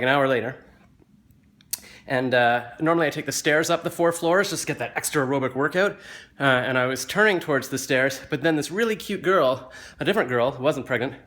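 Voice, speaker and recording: Just back from the gym, a vlogger with a medium-pitched voice tells a rambling, self-mocking story at home into a phone held close to his face. As the tale builds, he grows louder and livelier.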